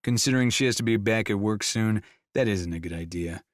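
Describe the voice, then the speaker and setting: An audiobook narrator with a fairly low voice reads a first-person romance a little fast, in an easygoing storytelling style. A close studio mic makes the sound dry, with no room or echo.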